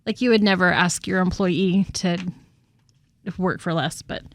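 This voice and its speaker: Speaking unhurriedly in a fairly low voice, this woman co-hosts a casual podcast chat and also works as a real estate agent. She's talkative, laughs a lot, and repeats words when beginning a thought, with no echo in the sound.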